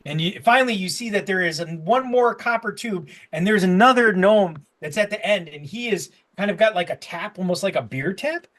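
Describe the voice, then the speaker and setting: A man's voice: high-pitched, animated, brisk, few pauses, fairly bright tone. A man narrating a tabletop game as game master, rambling with restarts as he describes the scene. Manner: rambling, full of fillers and restarts.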